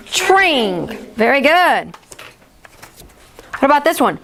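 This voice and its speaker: Slow-paced, high-voiced woman teacher. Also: big pitch swings, fairly bright tone. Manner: encouraging, stretching sounds slowly. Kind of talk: classroom phonics lesson. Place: classroom.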